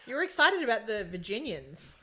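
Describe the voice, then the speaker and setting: An Australian woman co-hosting a casual film podcast, playful and quick to tease the others. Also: fairly high pitch, big pitch swings, sharp tone. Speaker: podcast co-host.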